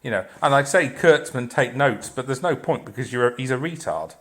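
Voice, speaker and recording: A man rants into the camera in a blunt, sarcastic voice, swearing constantly. He rambles, restarts and trails off into filler, in an ordinary mid-range pitch. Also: expressive, fairly quick. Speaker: video reviewer. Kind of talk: unscripted rant.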